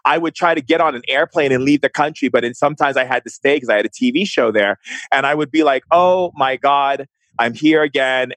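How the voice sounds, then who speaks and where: A man's voice: medium pitch, fairly bright tone, no echo. Impassioned man, stumbling restarts. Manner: impassioned, repeats words and restarts often. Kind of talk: emotional conversation.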